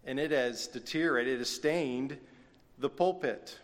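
A man's voice: medium pitch, unhurried. A man preaching a sermon as pastor, conversational, with folksy asides. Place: church sanctuary. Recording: long reverb of a church hall.

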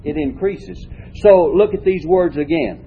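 Husky man teaching a Bible lesson. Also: fairly high pitch. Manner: measured teaching, reads scripture slowly with shifting emphasis. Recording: dull lo-fi recording.

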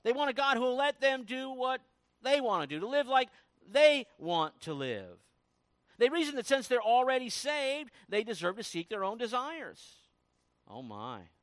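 Dynamic high-voiced preacher, man. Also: big pitch swings, moderate pace, no echo. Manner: dynamic preaching, swinging from loud emphasis to hushed asides. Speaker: pastor. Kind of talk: sermon.

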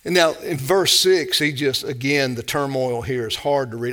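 A man preaching a sermon, passionate and full of rhetorical questions, swinging between loud emphatic stretches and hushed quiet ones. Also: mid-range voice, normal speed.

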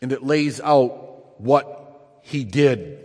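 A man preaching a sermon, emphatic, repeating key phrases and slowing down to stress them. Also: mid-range voice, a little mellow, breathy edge. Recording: long reverb in a large hall.

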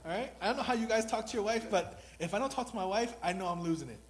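In a poor-quality recording, a man preaches with a voice that sits high, his words coming rapid-fire. He's a lay preacher speaking to this congregation for the first time, earnest, rambling and self-deprecating.

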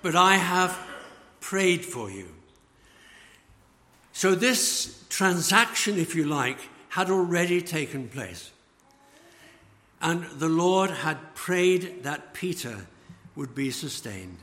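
A man preaching a sermon, slow and emphatic, letting phrase ends fall away. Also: on the high side, sing-song, sharp tone. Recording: long church reverb.

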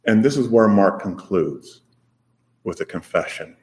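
A man preaching a sermon, rising to loud emphatic peaks and then dropping to soft, low phrases. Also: animated, a little slow.

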